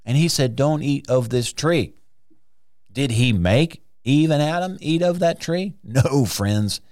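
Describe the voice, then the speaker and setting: A man's voice: mid-range voice, expressive, takes it slowly, a little mellow, no echo. A man teaching the Bible on a podcast, sermon-style, emphatic, asking rhetorical questions and stretching out key words, recorded in a studio.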